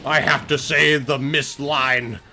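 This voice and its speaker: Man doing a melodramatic game antihero, pleading, halting repeats, mid-pitched, faint background noise. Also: fairly even intonation, pushed and bright, full character voice. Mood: desperate. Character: melodramatic male game antihero, desperate and earnest.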